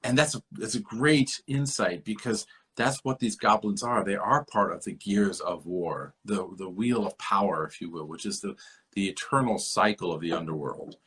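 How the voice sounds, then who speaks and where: Deep husky man musing at length. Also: moderate pace, fairly bright tone. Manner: musing, lecturing, repeats himself. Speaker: podcast host. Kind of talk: rambling literary discussion.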